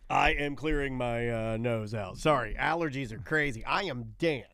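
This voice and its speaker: A man co-hosting a casual live-stream chat, telling rambling stories in an animated way. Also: medium pitch, normal speed, creaky, no echo, clean studio sound. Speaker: co-host.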